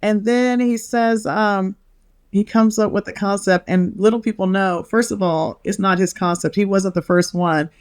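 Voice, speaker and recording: A woman's voice: mid-range voice, moderate pace, no echo, studio quality. A middle-aged woman on a podcast, a bubbly storyteller who acts out quotes and laughs often. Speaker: podcast guest, wellness author. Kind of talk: casual interview chat.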